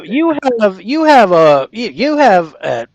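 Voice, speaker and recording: A man co-hosting a casual paranormal podcast, telling a story with lively acted-out reactions. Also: sits high, takes it slowly, highs cut off, a crowd in the background. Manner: animated storyteller, acts out his own reactions loudly. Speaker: podcast co-host.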